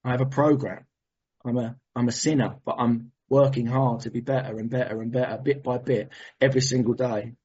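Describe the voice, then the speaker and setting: A man from Brighton, sharing his recovery story in a heartfelt, rambling way and then leading a prayer. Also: medium pitch, level tone, fairly quick, slightly rough, muffled recording. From Brighton, England. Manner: heartfelt, rambling, self-interrupting. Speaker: recovery meeting speaker. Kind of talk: personal share and prayer.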